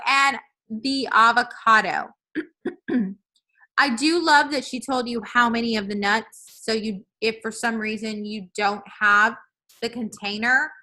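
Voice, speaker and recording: A woman, chatting casually in a vlog as a fitness coach, excitable and calling her viewers y'all. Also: fairly high pitch, poor audio. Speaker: fitness coach walking through a meal plan.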